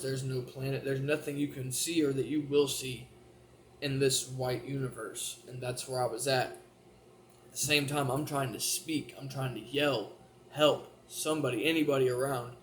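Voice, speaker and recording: A man's voice: mid-range voice, slight background noise. A man telling a personal story straight to camera in a rambling, profane way, full of restarts. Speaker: vlogger.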